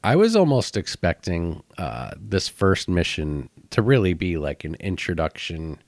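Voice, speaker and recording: A man's voice: low-pitched, very animated, a little slow, gravelly, no room sound. A man co-hosting a podcast, casually recapping a tabletop adventure with frequent fillers. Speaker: podcast co-host and player.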